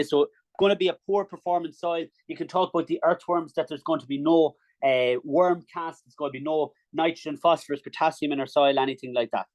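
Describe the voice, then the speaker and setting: A young Irish man leads an agricultural science revision class, quick and encouraging. His voice sits a little high for a man, and he keeps checking in with the class as he goes. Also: a little mellow.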